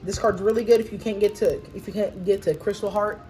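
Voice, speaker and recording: A woman casually explaining her card game deck, talking in a halting way with restarts and fillers. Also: medium pitch, steady tone, dark tone, faint music behind, rough recording. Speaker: tournament winner showing her deck.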